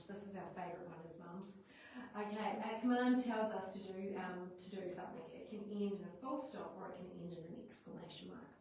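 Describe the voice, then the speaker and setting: A woman teacher with a New Zealand accent explaining classroom writing lessons to parents in a lively, chatty way, showing how she talks to the class. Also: medium pitch, distant mic. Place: school hall or classroom at a parents' evening. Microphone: livestream device at a distance. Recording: echoey room, voice from afar, faint noise.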